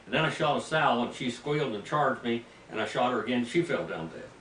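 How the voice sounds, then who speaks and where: Older preacher telling a folksy tale, roomy. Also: male voice, medium pitch, a little fast. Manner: folksy, animated storytelling with sudden loud bursts. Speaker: pastor. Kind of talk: storytelling sermon. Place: mission field, preaching to a group. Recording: roomy, distant mic with faint ambient noise.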